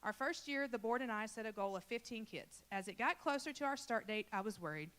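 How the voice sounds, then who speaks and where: A woman's voice: fairly high pitch, expressive, brisk, a bit bright. A woman from Louisiana who leads a church children's ministry, giving an earnest and emotional personal testimony and talking straight to the congregation.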